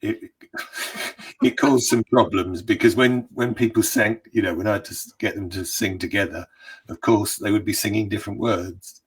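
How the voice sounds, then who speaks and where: A man's voice: lowish voice, steady tone, husky. A man co-hosting an online chat, talking hesitantly with many halts. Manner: hesitant, halting, restarts often. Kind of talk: casual chat. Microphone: online video call.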